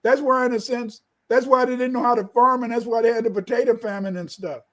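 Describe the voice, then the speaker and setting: Man co-host, high voice, emphatic, loops back on his words. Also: steady tone, fast, a bit bright, poor audio. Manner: emphatic, rambling, repeats himself. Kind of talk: casual opinionated talk.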